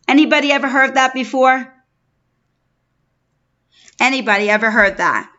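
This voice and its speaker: On a live stream with dull, lo-fi sound, a middle-aged New Yorker chats warmly with her viewers, calling each by name in her New York accent. She speaks at a normal speed in a high, sharp voice, pausing often.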